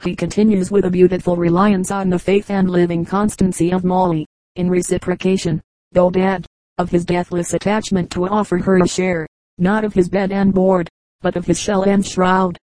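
Woman, audiobook narration, measured, mock-grand, lowish flat voice, dry close sound. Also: dry recording, rough recording. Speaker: audiobook reader. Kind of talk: scripted narration of a humorous essay.

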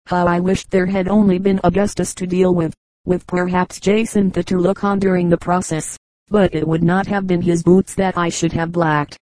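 A woman narrates an audiobook in a steady, even storytelling manner. Her voice is low and stays flat across sentences. The recording is dry and close to the mic. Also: moderate pace, dry recording, rough recording. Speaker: audiobook reader.

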